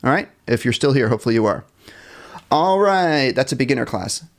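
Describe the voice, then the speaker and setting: A man at an everyday middle pitch teaches a jazz band class live over a computer mic. He counts off bars, sings short scat lines and jokes about his own slips. His tone stays relaxed and encouraging. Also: brisk. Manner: upbeat and encouraging, counts off and scats melodies; self-deprecating about small mistakes. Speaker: music teacher.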